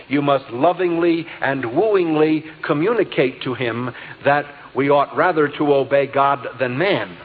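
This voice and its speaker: A male preacher delivering a sermon, emphatic and slowing down to stress key words. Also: fairly high pitch, long reverb tail. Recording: tinny lo-fi tape with faint hiss.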